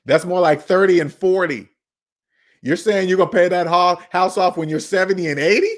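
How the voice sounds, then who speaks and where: A man's voice: sits high, normal speed. A man hosting a personal finance channel, talking in an emphatic, preachy way, repeating his points and scolding viewers. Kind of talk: emphatic monologue.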